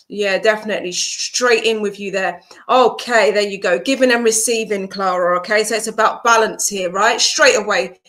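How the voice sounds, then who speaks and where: A woman's voice: mid-range voice, a bit bright. A woman hosting a live psychic card reading stream, greeting viewers by name and explaining the cards in a flowing spiritual way. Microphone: video call setup.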